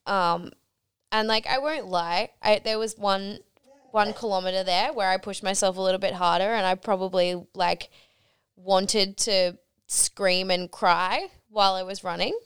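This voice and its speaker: A woman's voice: mid-range voice, steady tone, a little slow, fairly bright tone, clear, resonant tone. A young woman co-hosting a podcast in casual chat, frank and self-deprecating. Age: young adult. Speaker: podcast co-host.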